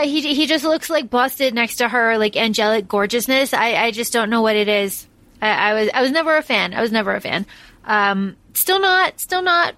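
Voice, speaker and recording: A woman's voice: fairly high pitch, pushed and bright, no echo. A woman co-hosting a podcast, chatting casually about a film, emphatic and swearing freely with lots of restarts. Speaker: podcast co-host. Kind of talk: casual film-discussion chat.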